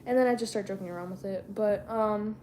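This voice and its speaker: A woman's voice: mid-range voice, a little fast, warm tone, slight background noise. A teenage girl vlogging in a casual chat, rambling and slangy and often losing her train of thought.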